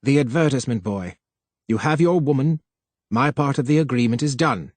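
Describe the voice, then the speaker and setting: A man voicing a calm, guarded older male official in an audiobook, speaking softly and with measure. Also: no room sound, lightly acted. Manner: soft, measured, low-spoken. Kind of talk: audiobook character voice.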